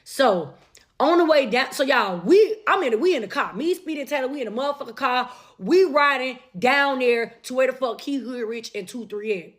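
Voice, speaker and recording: A young woman tells a story in a casual, profane way. She is animated and repeats lines for emphasis. Her voice sits fairly high. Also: normal speed.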